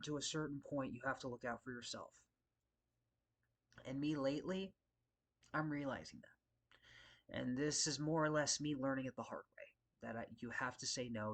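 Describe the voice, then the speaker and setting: A man's voice: medium pitch, fairly bright tone. A man who works as a security guard, venting in a casual vlog, frustrated and profane, rambling and circling back to his points. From Las Vegas area.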